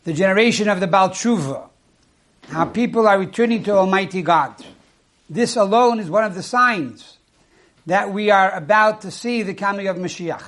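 A man giving a sermon as a rabbi, teaching in a measured way and posing rhetorical questions to his listeners. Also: sits high, a bit bright.

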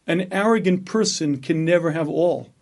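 A rabbi giving a Torah lecture, emphatic and full of rhetorical questions. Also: male voice, on the high side, normal speed, gravelly.

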